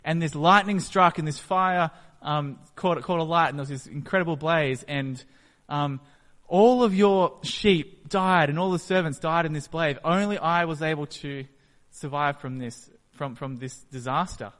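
A man voicing a panicked male servant who rushes in with disaster news, frantic and breathless. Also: on the high side, fairly bright tone, big-room sound, natural voice. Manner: frantic, breathless, repeating the name.

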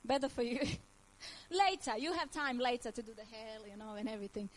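A high-voiced woman in her thirties speaks with a Croatian accent, giving her personal faith testimony. Her English is nonnative and earnest, and laughter breaks in often as she speaks with feeling. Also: expressive, a little fast, rough recording.

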